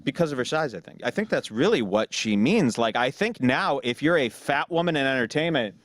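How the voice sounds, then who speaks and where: A man hosting a podcast talks in a blunt, sarcastic way, swearing freely. His pitch swings widely as he rants. The sound is dry and close. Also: expressive, a little fast, no echo. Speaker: podcast host. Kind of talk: casual podcast chat.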